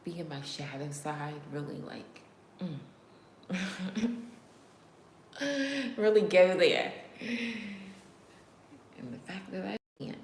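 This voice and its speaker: A woman with a low voice hosts a casual livestream chat, speaking directly to her viewers. She slips into whispers now and then and laughs often. Her voice rings in a roomy space with faint background ambience. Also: background noise. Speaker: livestream host. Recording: roomy room echo.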